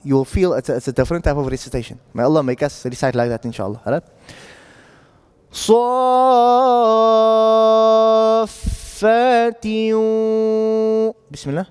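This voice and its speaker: A man teaching Quran recitation in a relaxed classroom manner, often pausing to ask "right?" to check that his students follow. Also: mid-range voice. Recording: echoey classroom audio.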